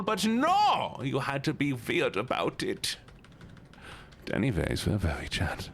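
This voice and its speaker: A man streaming a game and chatting casually with his viewers in a playful, goofy way, jumping into sudden high squeaky exclamations. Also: huge pitch swings, moderate pace, fairly bright tone. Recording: noticeable background noise.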